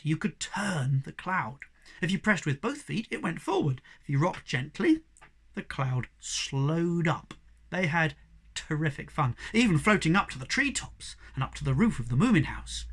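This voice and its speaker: A reader giving an expressive storybook reading aloud. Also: mid-range voice, breathy edge. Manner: expressive, varied delivery.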